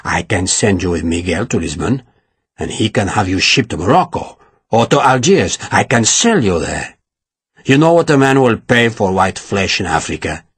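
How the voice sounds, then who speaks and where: A man voicing a brutal, coarse male villain who speaks in a slow, deep growl. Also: sing-song, slightly rough, no room sound, full character voice. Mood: menacing.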